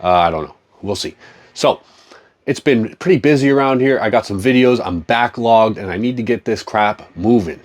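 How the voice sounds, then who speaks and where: A man's voice: on the low side, normal speed. A man in a profane, joking, rambling casual chat, talking as a comic collector.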